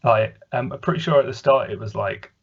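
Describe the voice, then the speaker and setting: Husky podcast guy, low voice, jokey, muffled lo-fi audio. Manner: jokey, does quick silly voices. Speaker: podcast co-host. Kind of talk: casual chat reviewing a cartoon.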